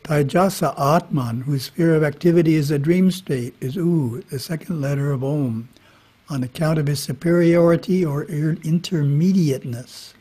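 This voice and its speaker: A man giving a spiritual talk, reading scripture in a measured way with brief casual asides. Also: fairly high pitch, mellow, slightly rough. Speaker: monastery teacher. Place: monastery. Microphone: webinar microphone.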